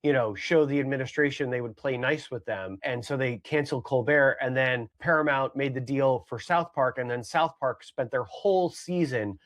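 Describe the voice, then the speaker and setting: A man's voice: medium pitch, moderate pace, hardly any pauses. A man co-hosting a casual comedy podcast, rambling along with hedges, fillers and repeated phrases. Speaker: podcast co-host.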